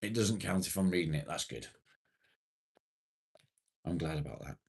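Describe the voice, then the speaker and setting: A man's voice: low voice, expressive, moderate pace, creaky, husky. A man hosting a casual live stream, reading viewers' comments aloud, swearing freely and rambling in a self-deprecating way.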